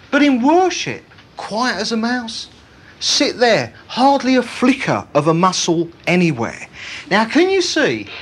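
A preacher delivering a sermon in an animated, humorous way, laughing at his own jokes. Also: mid-range voice, husky. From Britain.

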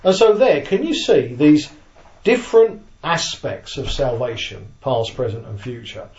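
A man teaching a Bible study class, explaining slowly, checking that listeners follow, and reading his handout aloud. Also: medium pitch, lively intonation, a little mellow. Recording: echoey room, dull lo-fi sound.

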